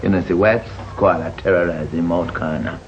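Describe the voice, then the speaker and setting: A man with a somewhat low voice greets people in a friendly way in a sitcom scene. Clear background noise runs under the audio. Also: steady tone, normal speed, highs cut off. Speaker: sitcom actor.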